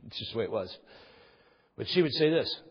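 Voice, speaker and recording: A man's voice: mid-range voice, animated, fairly quick, breathy edge. A man preaching a sermon emphatically, repeating key phrases for weight, with an aside now and then. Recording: long reverb, dull lo-fi sound.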